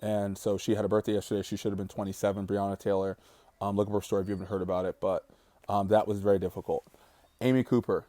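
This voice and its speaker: A man in his thirties giving an earnest, reflective personal vlog monologue while grieving, slowing down on the heavy words. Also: on the low side, little pitch movement, warm tone, no room sound. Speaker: vlogger.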